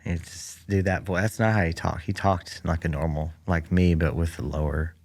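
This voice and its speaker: Low gravelly dude riffing solo, lots of uhs, dry delivery, library room mic. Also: male voice, fairly even intonation, normal speed, a little mellow. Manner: rambling, dry, many fillers. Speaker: podcast host. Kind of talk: casual comedic monologue. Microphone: studio mic that picks up the room.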